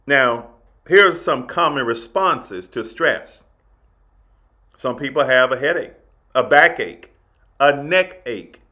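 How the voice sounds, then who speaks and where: A man speaks as a spiritual coach in an unhurried, measured way, leaning on each phrase and circling back to repeat his points. His motivational talk is steady and emphatic, with plenty of pauses. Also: mid-range voice. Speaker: spiritual coach and podcast host.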